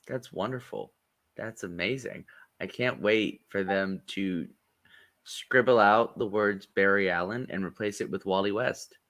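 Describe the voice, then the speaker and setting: A young man co-hosting a podcast in casual, jokey chat, animated and swearing freely. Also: lowish voice, measured pace. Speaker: podcast co-host.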